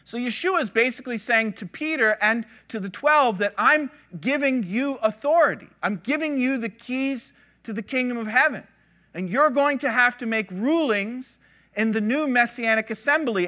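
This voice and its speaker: A man giving a conversational sermon, telling stories with animated quoted voices and casual asides. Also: very high voice. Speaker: teacher.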